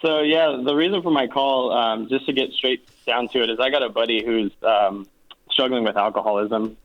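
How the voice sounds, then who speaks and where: A man's voice: medium pitch, steady tone, moderate pace. A man calling in to a radio show, earnest and hesitant, with many fillers. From Los Angeles, California. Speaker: caller. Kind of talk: phone-in call. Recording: dull lo-fi phone line.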